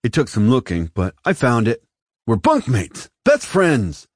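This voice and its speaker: A man voicing an overexcited male alien recruit who gushes and shouts in an audiobook. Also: mid-range voice, wildly swooping pitch, no echo, studio quality, voice pushed up. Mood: gushing. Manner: shouting, gushing, fast bursts of enthusiasm. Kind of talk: audiobook character voice.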